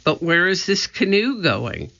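A man's voice: high-pitched, very animated, unhurried, creaky, pushed and bright, voice pushed up, full character voice. A man doing a cautious, bookish young boy. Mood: worried. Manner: careful, worried, crying out in alarm. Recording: dull lo-fi recording.

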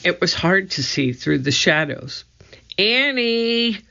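A narrator reading a children's book aloud in an expressive storytelling manner. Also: medium pitch, unhurried, gravelly, highs cut off. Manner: expressive storytelling, voicing each character. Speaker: audiobook narrator.

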